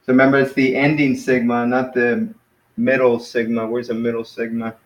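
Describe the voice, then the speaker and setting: A man teaching a casual one-on-one Greek lesson, encouraging and patient, spelling out words slowly. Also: mid-range voice, little pitch movement. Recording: roomy, dull lo-fi sound.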